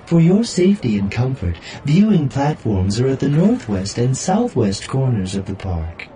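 A man's voice: medium pitch, sing-song, normal speed, mellow, a little hiss or hum, voice pushed up, natural voice. A man reading an audiobook voices a prim, cheerful male service droid with scripted automated politeness. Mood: polite. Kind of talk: audiobook narration.

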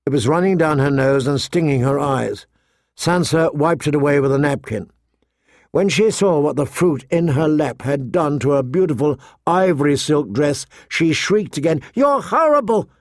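A man narrating an audiobook in a measured, expressive storytelling manner. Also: a little high, no echo. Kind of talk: audiobook reading.

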